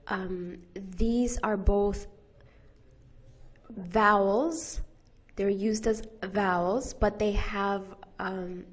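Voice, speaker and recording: An American woman teaching pronunciation, who models vowel sounds and repeats example words one at a time. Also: mid-range voice. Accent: General American. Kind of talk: slow, careful pronunciation lesson.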